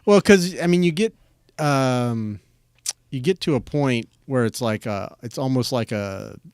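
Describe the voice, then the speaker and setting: A man's voice: medium pitch, measured pace, a little mellow, smooth, dry recording, studio quality. A man hosting a podcast in casual conversation, rambling with lots of fillers and restarts and laughing often. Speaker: podcast host. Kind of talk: casual interview chat.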